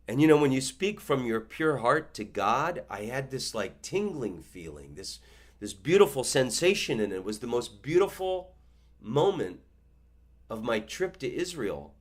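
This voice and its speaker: A man in his fifties, a comedian and podcast host, telling a story in a monologue with animated delivery and stammering restarts. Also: medium pitch, a little slow. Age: 50s.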